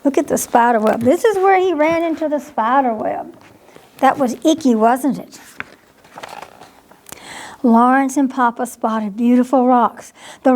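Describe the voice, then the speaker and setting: A woman librarian reading a bedtime picture book aloud to children, gently, pausing to ask them questions. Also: high-pitched. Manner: slow, gentle, asks the listeners questions.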